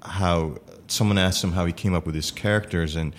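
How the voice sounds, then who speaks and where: A man chatting casually about improv, talking haltingly with many fillers and restarts. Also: deep voice, fairly even intonation, slight background noise. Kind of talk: casual chat.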